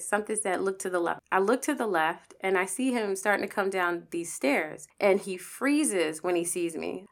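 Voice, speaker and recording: A woman with a gravelly, creaky edge in her voice tells a personal story in a casual monologue. She talks candidly and animatedly, swearing freely and acting out the quotes of the people in her story. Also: mid-range voice, fairly bright tone.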